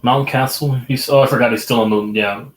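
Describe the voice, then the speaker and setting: A man in a casual sports chat, reacting with excitement as he watches baseball. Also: medium pitch, a little fast, roomy sound.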